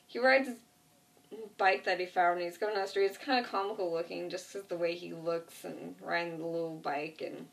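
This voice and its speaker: A woman's voice: on the low side, gravelly, far from the mic. A woman vlogger casually retelling a TV episode, rambling with lots of fillers like "like" and "you know". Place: at home, with a cat nearby.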